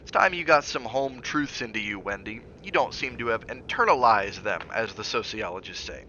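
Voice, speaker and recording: A man voicing a tense, short-tempered husband, sarcastic and clipped, sometimes soft and measured. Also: fairly low pitch, dull audio, a little hiss or hum. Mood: angry.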